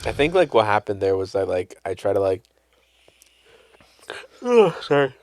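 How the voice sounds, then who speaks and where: A man's voice: lowish voice, sing-song, normal speed, a little mellow, dry recording. A young man co-hosting a casual podcast chat at a desk mic, rambling with lots of "like" fillers. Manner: rambling, full of "like" fillers, quotes lines in silly voices. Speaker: podcast co-host. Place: basement studio room.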